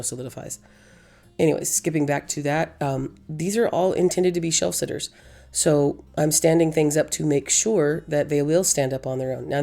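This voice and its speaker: A woman with a hoarse, gravelly voice from losing it, chatting through a crafting tutorial as host, rambling and correcting herself. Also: a bass voice, warm tone. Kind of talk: casual crafting tutorial voice-over.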